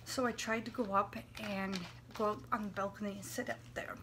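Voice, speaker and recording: A woman in her late twenties, talking in a personal vlog, anxious and near tears, with a dry throat, halting and often dropping to a whisper. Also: mid-range voice, fairly even intonation, noisy background. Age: 20s. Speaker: vlogger. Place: warm apartment room.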